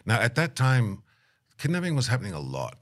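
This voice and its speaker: Animated storytelling man. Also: mid-range voice, fairly quick. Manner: animated anecdote-teller, acts out quotes, laughs often. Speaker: guest, aid worker. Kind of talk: storytelling interview.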